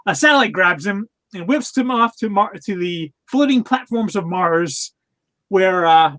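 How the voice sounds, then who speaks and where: Male podcast co-host, high-pitched, loose and chatty, full of "uh" and restarts. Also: a bit bright. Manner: rambling with many fillers and restarts, laughs often. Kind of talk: casual chat reviewing cartoons.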